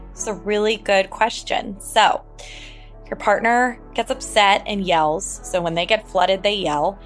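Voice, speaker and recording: A woman hosting a relationship advice podcast, answering a listener question in a calm, explanatory way, speaking straight to the listener. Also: mid-range voice, a little slow, soft background music. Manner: calm, explanatory, direct address.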